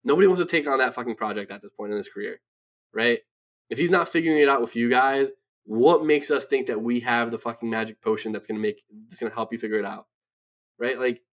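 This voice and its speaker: A man's voice: medium pitch, a bit bright. Man, sports podcast co-host, brash, profane, ranting, casual chat.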